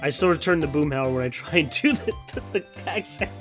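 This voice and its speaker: A man's voice: fairly high pitch, animated, brisk, hardly any pauses. Rambling man commenting over game music. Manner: rambling, swears, self-interrupting. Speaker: let's play host. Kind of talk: casual gaming commentary.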